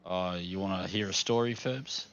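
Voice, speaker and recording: A man telling stories in casual chat during a sim racing stream, animated and full of swearing. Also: low-pitched, moderate pace, muffled recording. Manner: animated, profane storyteller.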